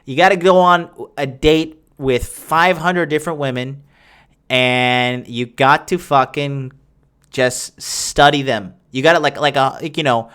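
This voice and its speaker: In an unhurried, smooth, slightly bright voice of medium pitch and steady tone, a young man hosts a podcast and responds to listener questions. His casual monologue rambles, boasts and turns crude, peppered with fillers and restarts.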